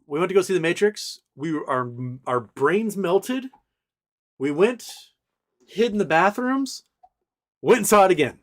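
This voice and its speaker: A man's voice: high voice, animated, moderate pace. A man in his forties hosting a casual livestream, telling stories in a rambling way with many fillers. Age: 40s. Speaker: livestream host.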